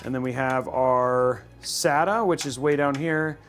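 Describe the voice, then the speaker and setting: A man's voice: mid-range voice, measured pace, soft background music. A man hosting a livestream, chatting casually and thinking aloud while building a computer. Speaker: host.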